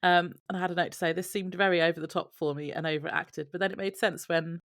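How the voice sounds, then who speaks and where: A lower-voiced woman co-host recaps scenes in a steady, matter-of-fact way. The sound is close and dry, with no room echo. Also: quick pace. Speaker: podcast co-host. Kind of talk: casual recap chat.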